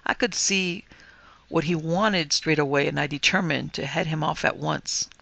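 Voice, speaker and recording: Gravelly, bright-voiced male storyteller. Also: fairly high pitch, fairly even intonation, dry recording. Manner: measured, firm storytelling delivery. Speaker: podcast host and reader. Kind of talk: scripted narration of a ghost story.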